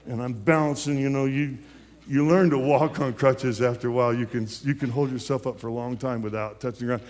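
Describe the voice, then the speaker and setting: A man's voice: mid-range voice, a little mellow. A man in his late fifties, a pastor giving his personal testimony in a sermon, telling it in a folksy way with many restarts and repeated words. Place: church sanctuary. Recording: long church hall reverb.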